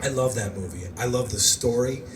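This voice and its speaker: An American man hosts a podcast, speaking in a mid-range voice at a slightly quick clip as he rambles through stories in casual chat and laughs often. The mic sits at a distance in a roomy space, with faint background noise.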